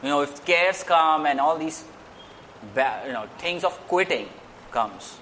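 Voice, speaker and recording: A man's voice: fairly high pitch, expressive, a little slow, fairly bright tone, slight background noise. A man preaching a sermon in an earnest way. He repeats phrases and lifts his voice on key points.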